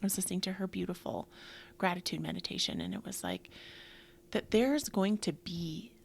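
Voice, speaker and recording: Woman host, middle-aged, casual uplifting chat, breathy whispers, slight vocal fry. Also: on the low side, sing-song, normal speed. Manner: breathy, drifting into soft whispers, many "like" fillers. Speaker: yoga podcast host. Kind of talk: casual motivational talk.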